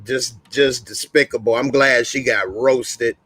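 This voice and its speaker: A relaxed man hosts a casual live stream, reading out chat and answering it. He talks at an unhurried, slow pace and laughs easily. His voice is dry and close to the mic. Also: mid-range voice, husky, dry recording.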